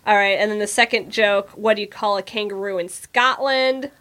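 A woman's voice: medium pitch, moderate pace, fairly bright tone. A woman co-hosting a podcast in casual chat, leading the segment and scoring jokes. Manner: leads the segment, reads out jokes and scores them. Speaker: podcast co-host.

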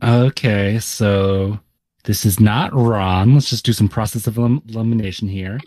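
A man co-hosting a casual podcast, reasoning out loud through a guessing game and swearing when stuck. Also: on the low side, fairly even intonation, normal speed, no room sound. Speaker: podcast co-host. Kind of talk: casual chat, guessing aloud.

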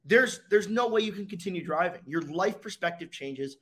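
A young man, a racing driver, telling his story in a casual interview with dramatic pauses and energy. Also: high-pitched, animated, a bit bright.

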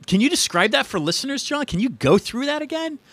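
A man hosting an interview, asking rambling, animated questions full of fillers. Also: very high voice, a little fast, no echo. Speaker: host. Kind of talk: casual interview chat.

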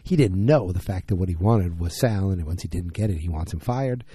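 A man's voice: low-pitched, lively intonation, brisk, warm tone, breathy edge, dry recording. A man casually recapping a TV episode in a rambling, conversational way, acting out the characters' lines.

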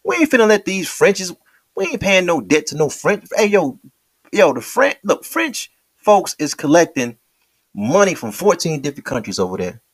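A man hosting a podcast, talking in a casual, slangy, animated way full of rhetorical questions. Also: sits high, moderate pace, dry recording. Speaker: podcast host.

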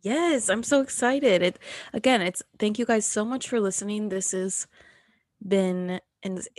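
A woman's voice: medium pitch, unhurried, dry recording. A woman co-hosting a podcast in casual chat, enthusiastic and earnest, often giggling. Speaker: podcast co-host.

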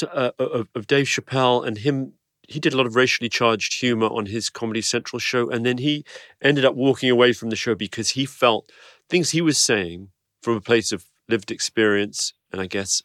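A man's voice: medium pitch, fairly bright tone, no room sound, studio quality. A male podcast host asking long, winding interview questions, full of restarts and hedging.

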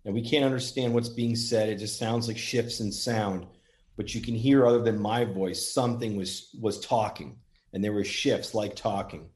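A man casually demonstrating a recording tool, earnest and gently thankful toward spirits. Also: lowish voice, steady tone, moderate pace. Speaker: paranormal app demonstrator.

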